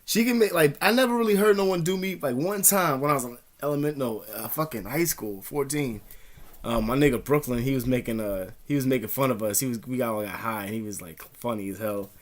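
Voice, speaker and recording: Talking fairly fast in a medium-pitched voice, this male vlogger rambles and swears his way through stories. He keeps laughing and mimics other people mid-story.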